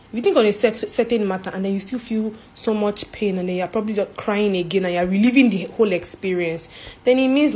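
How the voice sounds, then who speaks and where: A woman's voice: mid-range voice, a little mellow. A woman giving an informal faith talk as a church speaker, earnest, repeating herself and ending points with "right?".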